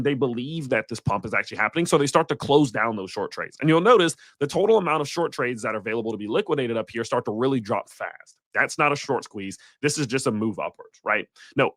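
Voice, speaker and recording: A man hosting a live crypto market stream, talking in a blunt, animated and profane way. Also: mid-range voice, no room sound, studio quality. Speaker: crypto livestream host.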